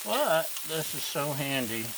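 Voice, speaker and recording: Chatty home cook, playful, mid-pitched voice, outdoors at the griddle, loud sizzling behind. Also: big pitch swings, unhurried, background noise. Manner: playful, chatty, talks to the dogs. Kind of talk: casual cooking commentary.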